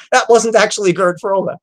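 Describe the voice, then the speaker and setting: A man's voice: sits high, poor audio. A man hosting an aftershow, chatting casually and rambling about old films with many fillers and restarts. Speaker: host.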